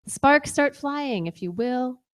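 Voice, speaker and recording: Young female comic, bawdy storyteller, high bright voice that swings widely, handheld mic. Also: slow, smooth. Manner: bawdy, animated storytelling with laughter. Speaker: stand-up comic. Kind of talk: stand-up comedy set. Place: comedy bar stage with audience.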